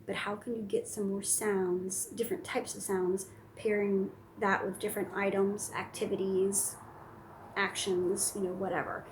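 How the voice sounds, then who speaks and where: A woman's voice: medium pitch, unhurried, a little hiss or hum. Chatty woman speech therapist giving tips. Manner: relaxed, chatty, many fillers, demonstrates silly sounds. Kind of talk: casual instructional talk to camera.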